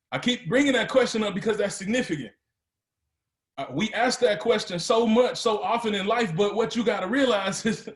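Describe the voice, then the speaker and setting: This man's pitch is fairly high, and his motivational speech to a live audience carries a roomy sound. He recounts his story, building to emphatic, rising peaks.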